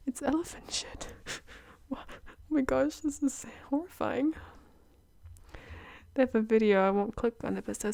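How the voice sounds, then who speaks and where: Soft-spoken young woman doing ASMR. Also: sits high, expressive, a little slow, creaky, pauses often, no room sound. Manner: soft-spoken, often slips into whispers, giggly. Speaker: ASMR creator.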